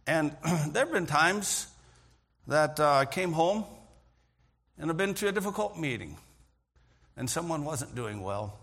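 Gravelly, husky man preaching. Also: fairly high pitch, expressive, unhurried, pauses often, a bit bright. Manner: frequent throat clearing, earnest storytelling. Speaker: pastor. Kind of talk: sermon with storytelling.

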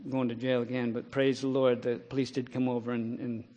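A middle-aged man preaching a sermon, telling a personal story in a plain way and breaking into loud, impassioned scripture quotes. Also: mid-range voice, level tone, a little fast, muffled recording. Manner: rises to loud impassioned preaching, then drops to quiet storytelling.

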